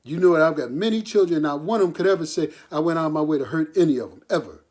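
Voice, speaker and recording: Older guy, kinda high voice, hurt and earnest, begging his son to listen. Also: expressive, fast talker, a little mellow. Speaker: father addressing his son. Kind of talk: recorded personal appeal.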